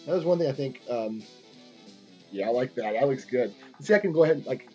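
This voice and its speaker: A man with a soft, mellow tone talks casually as he works on a drawing. He rambles, circling back with fillers and restarts. Faint guitar music plays quietly behind him. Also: mid-range voice, lively intonation, brisk, highs cut off. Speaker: artist live-streaming a drawing session. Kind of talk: casual chat while drawing.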